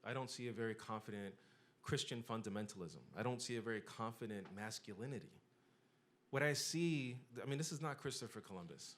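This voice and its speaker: A man's voice: mid-range voice, brisk, fairly bright tone, slight background noise. A middle-aged man giving an impassioned public lecture, building rhetorical lists with emphatic rises. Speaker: speaker giving a talk.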